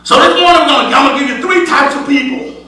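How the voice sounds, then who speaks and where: A man preaching a sermon in a church. He stresses his points by repeating phrases, and he moves between loud declaiming and soft asides. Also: extremely high pitch, fast. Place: church sanctuary. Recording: echoey church from a distance.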